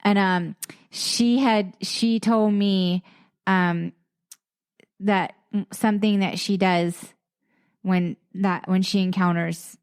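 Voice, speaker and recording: A woman's voice: medium pitch, steady tone, slow pace, smooth. A woman co-hosting a podcast in casual chat, candid, swearing and laughing often. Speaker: podcast co-host.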